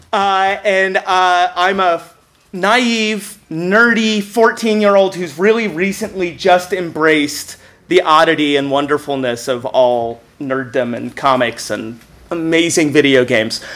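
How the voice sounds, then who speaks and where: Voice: mid-range voice, a bit bright. A speaker telling a comic personal story, self-mocking, laughing while telling and often stammering into restarts.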